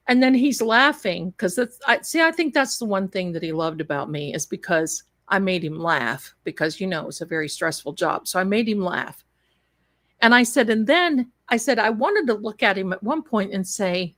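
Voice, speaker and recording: A woman from Tennessee, telling a story in a lively, laughing way on a live stream. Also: medium pitch, measured pace. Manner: animated, laughing, quotes others in put-on voices. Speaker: storyteller guest.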